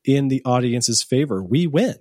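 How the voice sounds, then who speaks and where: A man's voice: mid-range voice, expressive, moderate pace, a little mellow, no echo, clean studio sound. Chatty man recapping a show. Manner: chatty, recaps plot in long run-on sentences. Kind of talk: casual TV recap chat.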